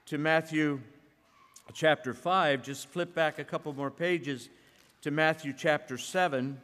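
A man preaching a sermon as a pastor, telling a story in an earnest way and sometimes dropping to a hushed voice. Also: fairly high pitch, steady tone, measured pace. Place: church sanctuary. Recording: echoey church hall.

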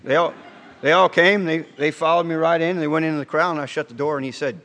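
A man preaching a sermon in a conversational, storytelling way, asking the congregation questions and slowing down to stress key points, with frequent restarts. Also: a little high, a bit bright. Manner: halting restarts, slows for emphasis. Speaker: pastor. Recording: long hall reverb.

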